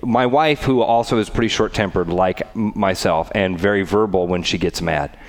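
A middle-aged man tells a story in casual conversation. His voice sits low. He acts out the people in his story as he goes. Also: moderate pace. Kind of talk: casual chat.

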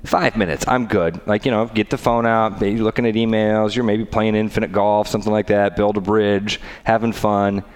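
Guy, middle-aged, low voice, goes on telling a story and doing everybody's voices. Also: moderate pace, few pauses, smooth. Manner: animated storyteller, acts out quoted voices. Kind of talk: casual chat.

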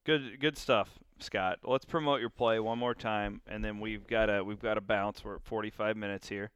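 A man's voice: fairly low pitch, fairly even intonation, moderate pace, fairly bright tone, smooth. A man hosting a podcast, talking in a laid-back, joking way. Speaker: podcast host. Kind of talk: casual podcast conversation.

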